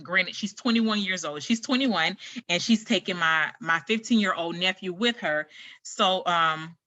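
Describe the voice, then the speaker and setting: On her own casual podcast, an American woman retells a story in a chatty, rambling, animated way, full of fillers. Her voice is on the low side and her pace measured, captured as dull audio without room sound.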